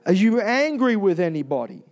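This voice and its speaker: Male preacher, high voice, emphatic and confessional, piles up rhetorical questions. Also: sing-song, brisk, darkish tone. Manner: confessional storytelling. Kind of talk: sermon.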